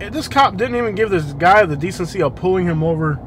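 Man, rambling driver-vlogger, high-pitched, light road noise behind. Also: fairly quick, rough recording. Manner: rambling storyteller with Southern slang, laughs often. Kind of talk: casual driving vlog chat. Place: inside a car driving at night. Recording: faint street noise behind. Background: faint road and traffic noise.

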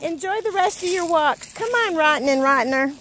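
A woman's voice: very high voice, lively intonation, brisk, fairly bright tone, a little hiss or hum. A woman chatting casually on a neighborhood street while walking her dogs, cooing at them and laughing often. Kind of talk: casual chat.

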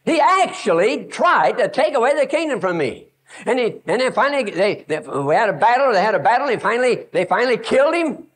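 A man's voice: very high voice, very animated, brisk, fairly bright tone, slight background noise. A man preaching a sermon at a youth camp, emphatic and repetitive, telling stories to drive his point home.

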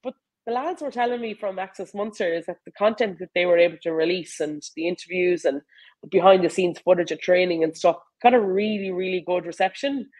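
A woman's voice: fairly low pitch, fairly quick, a little mellow, low-quality recording. An Irish woman, a rugby player, talking casually and animatedly in an interview, with lots of fillers. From Ireland. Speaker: rugby player and coach, guest.

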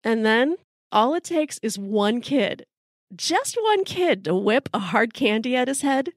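A middle-aged woman with a drawl spins a comic tale, dry and wry in her timing. Her voice sits a little high and is recorded close and dry, with almost no room sound. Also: a little slow, no echo. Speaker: podcast host. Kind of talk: storytelling.

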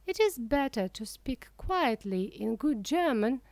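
A woman narrating a humorous audiobook for English learners, reading in a careful, even way. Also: on the high side, unhurried, no echo.

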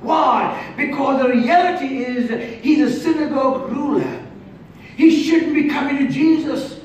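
A man preaches with a very high voice, shouting out some points and then dropping low and soft. He is heard from a distance in a big, echoing church hall with faint noise underneath. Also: measured pace. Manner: shouting, emphatic preaching with sudden drops to quiet. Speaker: pastor. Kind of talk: sermon.

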